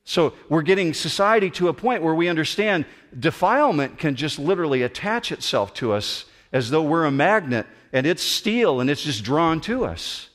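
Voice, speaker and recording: A man preaching a sermon as pastor, animated and acting out the voices he quotes. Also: fairly high pitch, moderate pace. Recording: long hall reverb.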